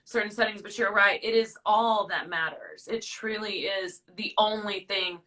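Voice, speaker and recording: Bright-voiced woman host, a bit off-mic. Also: medium pitch, normal speed, distant mic, rough recording. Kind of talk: casual chat on a livestream.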